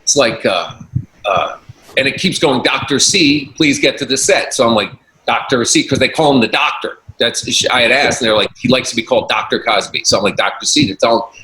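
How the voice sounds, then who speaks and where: A comedian guest with a medium-pitched, slightly fast voice tells a story in casual chat, animatedly acting out the voices of the people in it and laughing often. The recording has a roomy echo and faint noise.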